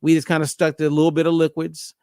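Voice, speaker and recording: A man hosting a casual podcast conversation as a diet coach, telling a story with lively acted-out dialogue. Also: a little high, fast, clean tone, no echo, clean studio sound. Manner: animated storyteller acting out both sides of a phone call.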